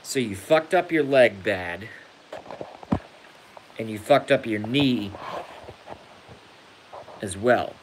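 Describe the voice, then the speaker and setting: A man rambling slowly through a live stream on his phone, crude and self-mocking, and he breaks into laughter at his own jokes. He is hurt, so laughing pains him. A faint hiss sits under the voice. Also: lowish voice, animated. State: injured, hurts when he laughs.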